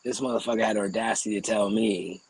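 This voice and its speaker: A young man co-hosting a podcast, telling a story in an animated, profane rant and often clearing his throat. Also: on the low side, quick pace, no room sound, rough recording. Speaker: podcast co-host.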